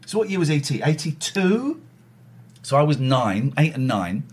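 A man in his forties chatting casually on a podcast, jokey and quick to slip into silly voices. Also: fairly high pitch, very animated, darkish tone, breathy edge. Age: 40s. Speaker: podcast host. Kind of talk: casual chat.

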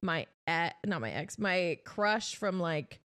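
A woman musician guesting on a podcast, trading quick banter and giggling often. Her voice is lively and rises and falls a lot. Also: fairly low pitch. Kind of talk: casual chat.

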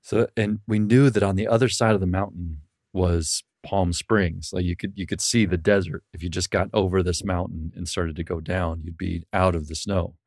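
Man, podcast host, very low voice, loose storytelling, dry sound. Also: steady tone, normal speed, a little mellow, dry recording. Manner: loose storytelling, swears, laughs easily. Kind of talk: casual chat.

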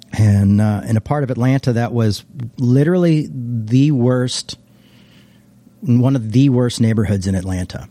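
A man's voice: fairly low pitch, fairly quick, dark tone, no echo. A man, a former pastor, reflectively telling his life story in a casual interview, meandering and often restarting his sentences.

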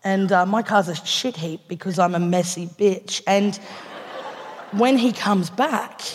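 A woman's voice: medium pitch, a little slow. A woman with an Australian accent telling a stand-up story on stage, laughing through her lines and swearing casually. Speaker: stand-up comedian. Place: large theatre stage with a live audience. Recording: live theatre reverb, faint background noise.

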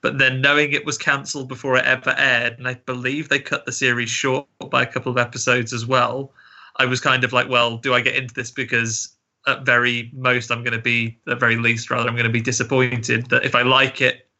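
Man, podcast co-host, very bright voice, chatty and rambling. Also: mid-range voice, little pitch movement, a little fast. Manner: rambling, chatty, laughs easily. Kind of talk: casual chat.

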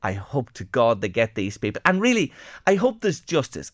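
A man's voice: medium pitch, sing-song, moderate pace, no echo, studio quality. An Irish man hosting a radio talk show, earnest and emphatic, often repeating words as he talks. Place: radio studio.

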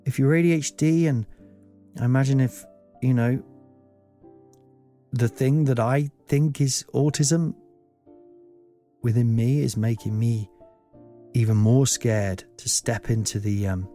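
A man's voice: mid-range voice, steady tone, unhurried, pauses often, dark tone. Brief: male comedian-host, middle-aged, self-deprecating rambling monologue, faint music bed. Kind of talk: comic monologue.

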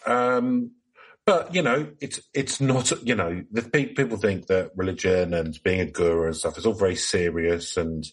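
A man's voice: moderate pace, breathy edge. A man playing a self-righteous cult guru. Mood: deadpan. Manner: deadpan, mock-solemn pitch. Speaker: guest. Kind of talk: comedic improvised role-play.

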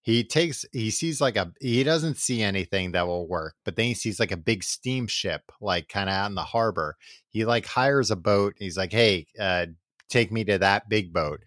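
Low-voiced man casually retelling a book. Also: moderate pace, a bit bright, dry recording, clean studio sound. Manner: rambling, acts out characters in throwaway voices. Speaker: podcast co-host. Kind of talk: casual chat, recapping a book.

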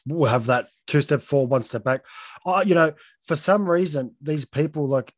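A man's voice: on the high side, moderate pace, dry recording, studio quality. A man hosting a casual podcast chat, blunt and heated, swearing as he talks.

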